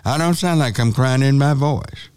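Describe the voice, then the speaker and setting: A man's voice: medium pitch, normal speed, darkish tone, clear, resonant tone, no echo. A man hosting a call-in radio show, arguing insistently with a caller and repeating his points. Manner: argumentative, insistent, repeats phrases.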